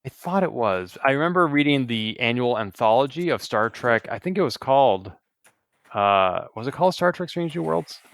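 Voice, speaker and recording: A man's voice: mid-range voice, lively intonation, moderate pace, fairly bright tone. A man co-hosts a podcast in easy, rambling chat, often restarting his sentences. His voice sits in a middle register. The sound is dry and close, with no room echo. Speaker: podcast co-host. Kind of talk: casual chat.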